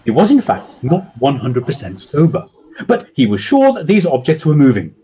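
A man's voice: medium pitch, wildly swooping pitch, moderate pace, dark tone, slight background noise. A man, an author, reading his children's book aloud over a video call with dramatic storytelling.

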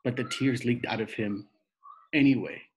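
A man reading a novel aloud in slow, steady narration. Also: medium pitch, low-quality recording. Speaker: reader.

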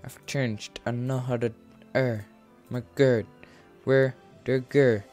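A man's voice: mid-range voice, little pitch movement, slow pace, a little mellow, soft background music. A young man streaming a game, rambling goofily, humming and singing to himself. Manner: rambling, goofy, hums and sings to himself. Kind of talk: casual gameplay commentary.

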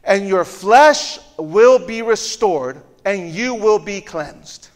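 A man voicing a messenger who gives calm, measured instructions, with long hall reverb. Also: high-pitched. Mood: instructing. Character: adult male messenger giving calm instructions.

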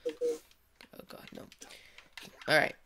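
A man's voice: very slow, bright, forceful tone. A boy gamer chatting casually during a let's-play, taking charge of the plans. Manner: bossy, decisive planner. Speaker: gamer host.

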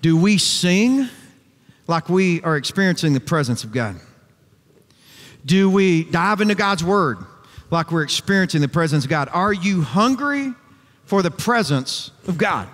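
High-pitched emphatic preacher man. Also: animated, unhurried, a bit bright, in a large hall. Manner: emphatic, rhetorical questions, folksy asides. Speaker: pastor. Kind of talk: sermon. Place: church sanctuary.

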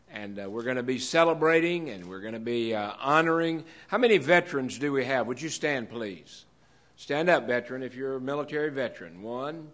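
A man's voice: medium pitch, a bit bright. A man hosting a live show, folksy and direct, giving announcements to the audience in the room. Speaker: host.

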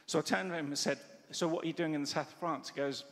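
Animated preacher in a reverberant church hall. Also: male voice, a little high, fast. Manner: animated storytelling with quoted dialogue. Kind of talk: sermon.

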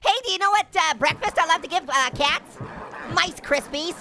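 Squeaky cackling cartoon orange. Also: male voice, moderate pace, sharp tone, faint music behind, exaggerated voice. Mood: giddy, teasing. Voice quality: squeaky, high and giggly. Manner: nonstop puns and cackling laughter. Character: wisecracking cartoon talking orange, male. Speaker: gaming host. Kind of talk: gaming commentary.

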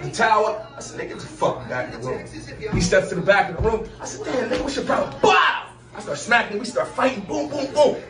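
A man animatedly telling a story about a fight, acting out the voices and sound effects. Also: very high-pitched. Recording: roomy distant clip with music.

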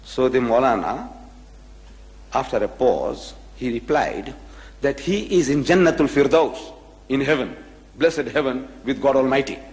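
A man's voice: mid-range voice, lively intonation, unhurried, a little mellow, long reverb tail. A man telling a story in a lecture and dramatically acting out the people he quotes.

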